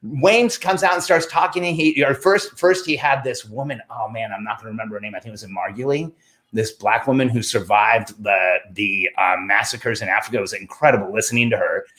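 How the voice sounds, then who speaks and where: This middle-aged man has a lowish voice and a brisk delivery. He casually tells a personal story, animatedly quoting himself and others, his voice rising when he quotes himself.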